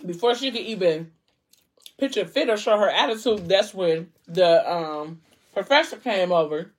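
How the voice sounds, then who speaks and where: A young adult woman talks through a story in a loose, chatty way, dropping into the characters' lines as she retells it. Her voice is husky and breathy, sitting at an ordinary middle pitch. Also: lively intonation, moderate pace. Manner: chatty, acts out quoted lines with shifting tone. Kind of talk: casual story recap.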